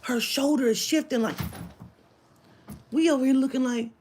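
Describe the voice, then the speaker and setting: A woman telling a story to camera, animated and profane, dropping into whispered asides. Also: high voice, moderate pace, slight background noise. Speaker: spiritual reader telling a story.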